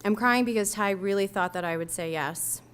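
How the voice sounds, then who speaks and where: Smooth-voiced woman reading her memoir. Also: mid-range voice, a bit bright. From United States. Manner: measured, reflective storytelling. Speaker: author reading her own essay. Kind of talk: reading a personal memoir aloud.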